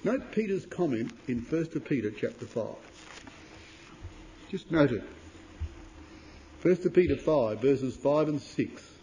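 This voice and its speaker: A man preaching a sermon to brothers and sisters, reading scripture in King James wording and swinging from loud emphatic declamation to low, quiet asides. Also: animated, takes it slowly, long pauses, a little hiss or hum, poor audio. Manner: addresses listeners as brothers and sisters.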